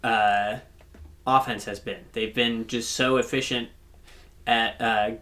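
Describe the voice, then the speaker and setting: A man's voice: medium pitch, steady tone, slow, pushed and bright. Rambling man chatting football. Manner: rambling, many fillers and restarts. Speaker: podcast co-host. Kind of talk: casual sports chat.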